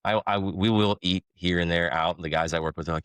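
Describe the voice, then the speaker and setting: Male podcast guest, deep voice, dry sound, loose rambling chat with laughs. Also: little pitch movement, fast talker, fairly bright tone, clear, resonant tone, dry recording. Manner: rambling, self-correcting, laughs between thoughts. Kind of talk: casual conversation.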